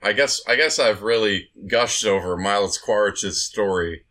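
A man co-hosting a podcast in casual chat, measured and thoughtful. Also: on the low side, bright, forceful tone. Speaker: podcast co-host.

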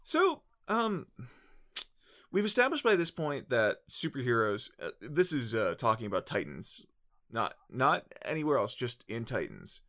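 A man's voice: mid-range voice, big pitch swings, measured pace, fairly bright tone. A man co-hosting a casual podcast, recapping a show in a rambling way with lots of fillers and restarts. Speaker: podcast co-host.

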